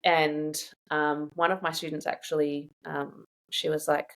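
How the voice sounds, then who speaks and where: Chatty low-voiced woman telling stories. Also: measured pace. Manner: chatty, animated storyteller who laughs often. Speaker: guest sharing her own experience. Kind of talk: casual conversational interview.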